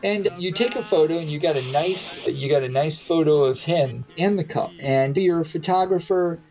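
Over background music, a game master narrates his tabletop role-playing session and voices a number of different characters. His pitch sits fairly high, he talks at a normal speed, and the recording quality is low.

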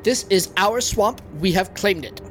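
A man's voice: sits high, unhurried, fairly bright tone, slight background noise, voice pushed up. A man voicing a pompous bipedal frog guard in conquistador armor, blustering and easily flustered. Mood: indignant.

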